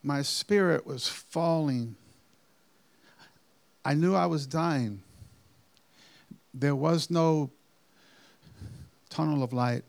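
A man with a slightly high, gravelly voice tells his personal testimony at an unhurried pace. His phrasing is deliberate and earnest, with small halting restarts. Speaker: storyteller giving a personal testimony. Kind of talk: slow, earnest spoken testimony.

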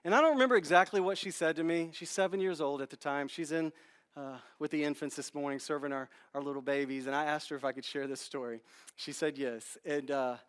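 Animated storytelling male pastor. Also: a little high, brisk, clear, resonant tone. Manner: candid, self-deprecating, animated storytelling with many restarts. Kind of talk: storytelling sermon. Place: church sanctuary.

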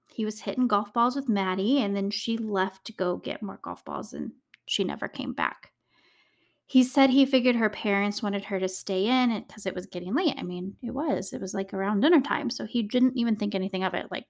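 A young woman hosting a true crime podcast, telling the case in a chatty, casual way with emotional asides and many "like"s. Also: medium pitch. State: choked up, tearing. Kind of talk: casual storytelling.

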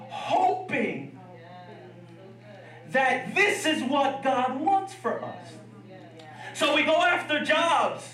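A man's voice: very high-pitched, a bit bright, echoey room, far from the mic, low-quality recording. A man preaching a sermon in a church, telling a story with humor and laughing asides. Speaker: pastor. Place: church sanctuary.

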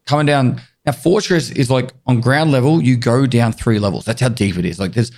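A man co-hosting a casual podcast, telling animated stories and swearing freely. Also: medium pitch, a little fast. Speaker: podcast co-host.

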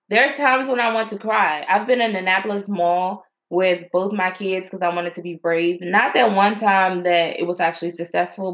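A young woman telling a story to her viewers, chatty and animated, with slang and lots of fillers. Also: lowish voice. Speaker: mom vlogger. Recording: slightly dull lo-fi audio.

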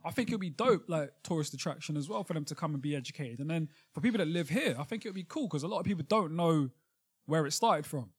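A man's voice: a little high, expressive, fast talker, slightly rough. Argumentative man in podcast banter. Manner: argumentative, presses with questions. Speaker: podcast co-host.

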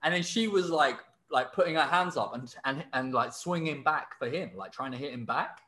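In a casual podcast chat, a man with a slightly high voice tells a story at a moderate pace, laughing often and using lots of fillers. The room sounds echoey.

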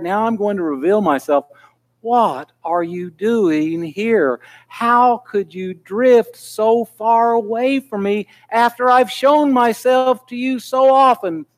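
A man's voice: high voice, pitched above the performer's own voice. A man voicing a stern but caring divine figure in a sermon, questioning and reproachful.

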